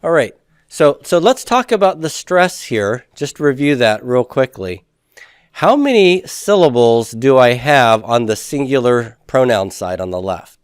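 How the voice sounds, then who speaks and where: A man's voice: mid-range voice, very animated, unhurried, smooth, no room sound, clean studio sound. A man teaching a Hebrew grammar class, patiently asking students questions and confirming their answers.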